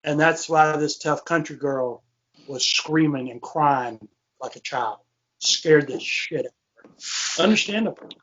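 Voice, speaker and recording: A man's voice: a little high, a little slow, fairly bright tone. A man hosting a podcast, telling a ghost story in a rambling way with lots of fillers and restarts. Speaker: podcast host. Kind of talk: casual storytelling. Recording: muffled lo-fi podcast audio.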